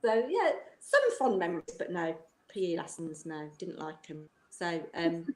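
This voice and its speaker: Speaking at a moderate pace with big swings in pitch, this former teacher's low-leaning voice carries through a casual live-stream video call. She's middle-aged, talks at length, and laughs frequently, all with a roomy echo around her.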